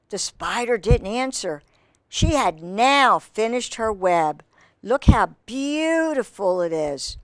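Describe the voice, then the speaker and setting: A woman's voice: a little high, sing-song, takes it slowly, no echo. A woman reading a picture book aloud to children, with chatty asides to her young listeners and playful animal sounds. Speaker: children's storyteller.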